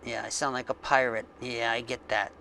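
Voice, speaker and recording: A man hosting a coding tutorial, thinking aloud slowly with frequent ums as he works on screen. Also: medium pitch, level tone, bright, forceful tone, a little hiss or hum. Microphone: desk mic with face cam.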